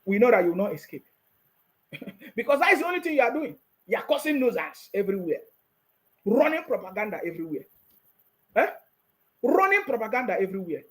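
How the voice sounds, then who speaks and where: A man's voice: extremely high pitch, a bit bright. A man with a Nigerian accent giving scolding, mocking political commentary on his YouTube channel, laughing often.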